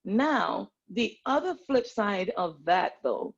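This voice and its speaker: A woman's voice: mid-range voice, animated, takes it slowly, vocal fry, husky, muffled recording. A woman from Nigeria, a medical practitioner, speaking earnestly and animatedly as a panelist on a video call.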